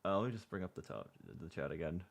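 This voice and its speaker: A man reacting to a music video in casual commentary. He is sarcastic and swears, and his voice is strained from clearing his throat. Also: low-pitched, expressive, quick pace. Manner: sarcastic, swears, mutters asides. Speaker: reaction streamer.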